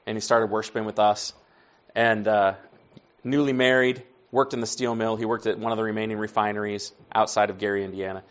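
A man's voice: lowish voice, flat delivery, fairly quick. Conversational preacher, man, muffled recording. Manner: conversational, acts out dialogue, drops to soft asides. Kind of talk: storytelling sermon.

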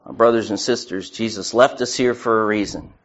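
A man's voice: fairly low pitch, steady tone, a little fast. A man preaching a sermon earnestly, acting out the voices in his quotes. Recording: muffled lo-fi recording.

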